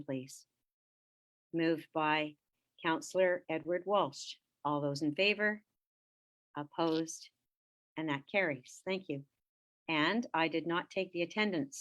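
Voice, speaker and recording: Brisk woman chairing a council meeting. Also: low voice. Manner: brisk, procedural. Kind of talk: formal council meeting procedure.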